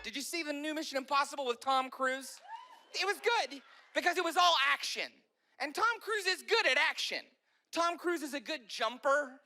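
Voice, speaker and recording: A male stand-up comedian tells jokes animatedly, frequently acting out voices. His pitch is extremely high, and there's slight background noise.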